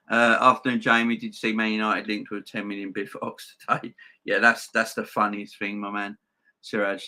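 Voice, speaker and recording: Forceful man ranting on a live stream. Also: fairly low pitch. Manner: emphatic, repeats himself, addresses viewers as guys. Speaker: host of a football fan channel. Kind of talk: live-stream chat reading viewer comments.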